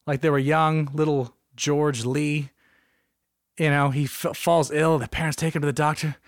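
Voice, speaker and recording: A man's voice: fairly high pitch, normal speed, no echo. Rambling, jokey man with a dry close sound. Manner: rambling, jokey, animated, with frequent asides. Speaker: podcast host. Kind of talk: comedic solo podcast monologue.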